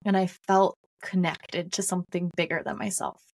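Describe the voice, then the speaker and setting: A woman's voice: fairly low pitch, level tone, normal speed, a little mellow. Candid woman telling her life story. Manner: candid, reflective, repeats phrases often. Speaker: podcast host. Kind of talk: personal storytelling monologue.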